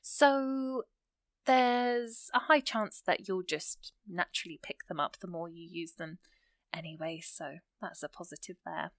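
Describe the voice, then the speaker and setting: A woman's voice: on the low side, no echo. Woman teaching grammar step by step. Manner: explains step by step, reads example sentences slowly. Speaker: English teacher. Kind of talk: grammar lesson.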